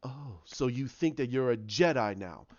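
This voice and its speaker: A man doing a gruff female commander. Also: mid-range voice, expressive, normal speed, a little mellow, dry recording, highs cut off, voice pushed down, natural voice. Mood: taunting. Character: gruff female armored commander, ruthless warrior.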